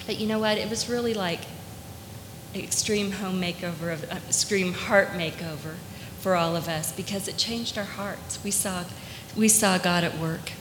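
A woman telling a personal story as a testimony, heartfelt and earnest, often pausing with fillers. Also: medium pitch, background noise. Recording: echoey hall, faint ambience.

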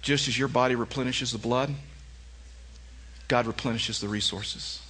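A man's voice: medium pitch, fairly even intonation, moderate pace, pushed and bright, breathy edge. A male pastor giving a sermon, telling stories conversationally and then pressing his points with emphasis. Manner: conversational storytelling that rises to emphatic preaching.

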